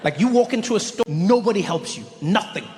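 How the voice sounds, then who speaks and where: A man doing animated stand-up storytelling on a theater stage into a handheld mic. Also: high voice, fairly quick, long reverb tail. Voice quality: animated, with frequent restarts. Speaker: stand-up comedian.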